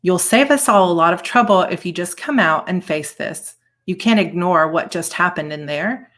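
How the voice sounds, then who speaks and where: Woman reading out a pushy young woman calling someone out, storybook style, lowish voice. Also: normal speed, fairly bright tone, close to an everyday voice. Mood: accusing.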